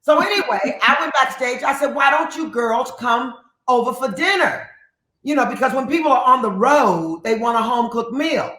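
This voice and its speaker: A woman guest telling stories in a casual interview, in a brassy, profane, animated way that slips into sung phrases. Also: sits high, normal speed. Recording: roomy echo with faint piano.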